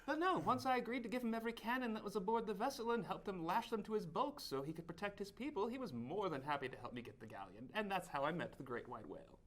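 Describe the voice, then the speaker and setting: A woman's voice: mid-range voice, lively intonation, quick pace, few pauses, close to an everyday voice. Woman cast as a genteel baroness, affected and lilting, swoops through her lines. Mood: storytelling. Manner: affected, genteel, calls others darling. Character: posh, gushing female baroness. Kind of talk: improvised tall-tale role-play. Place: live convention panel room.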